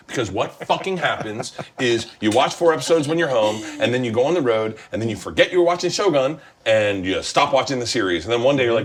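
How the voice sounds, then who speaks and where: A middle-aged man hosts a cooking show in an easy, chatty way. He rambles from story to story, swears freely and breaks into laughter often. His voice sits at an ordinary middle pitch. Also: expressive, fast talker, few pauses. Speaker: host of a cooking talk show. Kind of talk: casual chat while cooking.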